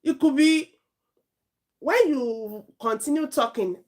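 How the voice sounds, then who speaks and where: A woman with a Nigerian accent gives an informal spoken IELTS lesson, chatty and animated, frequently correcting herself mid-sentence. Her mid-range voice is unhurried.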